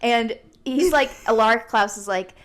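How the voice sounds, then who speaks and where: A woman co-hosting a podcast in casual chat, talking with lots of fillers and animated retellings. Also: fairly high pitch, normal speed. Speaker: podcast co-host.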